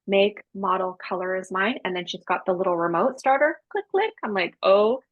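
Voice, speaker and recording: A woman's voice: mid-range voice, fairly quick, no room sound, narrow, tinny audio. A woman guest telling a story in a casual interview, chatty and slangy, acting out the dialogue. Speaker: podcast guest, psychic medium.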